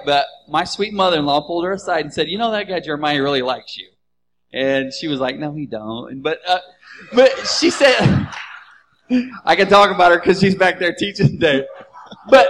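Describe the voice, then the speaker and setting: A man in his thirties sharing a personal testimony in church, halting and emotional as he talks about being a father. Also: fairly high pitch, a bit bright, slight background noise. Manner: halting, emotional, restarts often.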